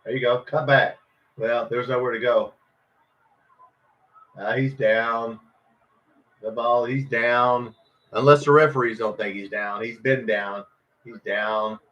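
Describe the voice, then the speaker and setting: A man's voice: mid-range voice, fairly even intonation, slow pace, long pauses. A man hosting a live football watch party, reacting to every play with frustration and swearing at players and referees. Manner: frustrated, swearing, yelling at the game. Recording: dull lo-fi stream audio.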